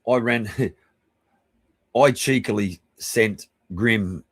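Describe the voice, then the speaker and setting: Slow-talking Australian man, low voice. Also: no room sound. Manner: rambling, chummy, self-deprecating, swears casually. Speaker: livestream host. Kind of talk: casual live-stream shout-outs.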